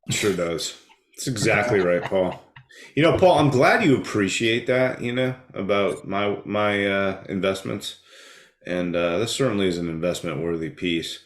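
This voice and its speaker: Low-voiced man in an echoey room. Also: lively intonation, normal speed. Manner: profane, laughing banter. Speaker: podcast co-host. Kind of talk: casual chat. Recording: roomy echo.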